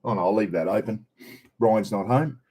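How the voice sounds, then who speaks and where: A man's voice: on the low side, moderate pace, a little mellow, slight background noise. An Australian man hosting a casual live stream, greeting viewers by name in a chatty, laid-back way. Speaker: livestream host. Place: in a caravan on the road.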